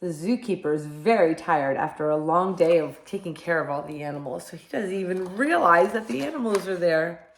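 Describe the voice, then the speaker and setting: A woman teacher reading picture books aloud to young children, animated and gentle, often asking them questions. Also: on the low side, a little fast, slight background noise. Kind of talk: children's storybook read-aloud. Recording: echoey room.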